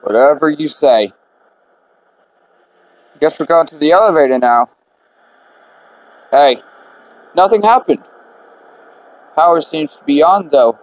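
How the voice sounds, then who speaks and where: Slow, laid-back male gamer. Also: a little high, lively intonation. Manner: laid-back, muttering to himself. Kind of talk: let's play commentary.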